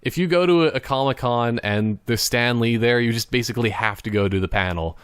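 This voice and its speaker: Rambling young man with a smooth voice. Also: mid-range voice, brisk, no echo, studio quality. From Canada. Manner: rambling, laughs often, slips into playful impressions. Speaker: podcast host. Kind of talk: casual solo chat. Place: indoors at a computer.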